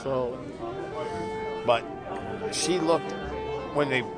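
A man's voice: medium pitch, drawn-out words, loud music behind the voice. A man who is a police officer, casually telling a funny work story and laughing as he goes. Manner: chatty, laughs through his own story.

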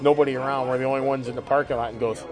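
A man's voice: mid-range voice, little pitch movement, very fast, music in the background. A man who is a police officer, casually telling a funny work story and laughing as he goes. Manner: chatty, laughs through his own story.

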